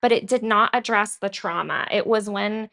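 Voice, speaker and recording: A woman's voice: mid-range voice, moderate pace, creaky, pushed and bright. A woman co-hosting a podcast, talking earnestly and at length in casual conversation, with many "like"s. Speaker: podcast co-host.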